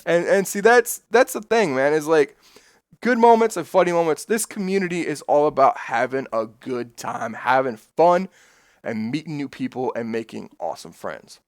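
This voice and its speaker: Male streamer, casual chat, excitable swearing storyteller, dry mic. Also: on the high side, moderate pace, dry recording.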